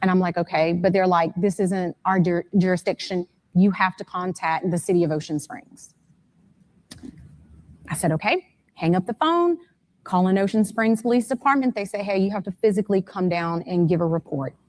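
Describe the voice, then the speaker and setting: At a normal speed, a mother with a low, darkish voice recounts in an interview how her son went missing. She details each step, and her tone becomes urgent and frantic.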